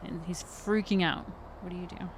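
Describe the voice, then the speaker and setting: A woman's voice: fairly low pitch, steady tone, normal speed, a little hiss or hum. Woman game master, patient. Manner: patient, explaining rules, laughs often. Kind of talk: running a tabletop game.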